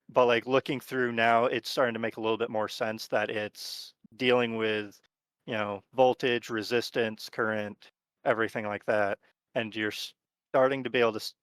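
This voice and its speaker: A man narrating as game master of a tabletop horror game, talking in a relaxed, rambling way with lots of fillers. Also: medium pitch, clean tone, no room sound.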